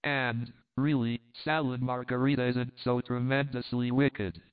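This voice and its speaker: Pompous smitten American gent with stiff phrasing, read by a man; smooth tone, phone-thin sound. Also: mid-range voice, fairly even intonation, unhurried, narrow, tinny audio, lightly acted. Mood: sheepish.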